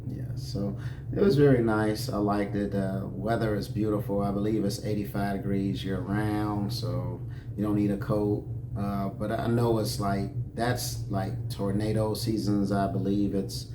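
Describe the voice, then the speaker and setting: A man's voice: lowish voice, little pitch movement, measured pace. A laid-back man from Chicago co-hosting a travel vlog, rambling casually about the trip. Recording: roomy echo with background noise.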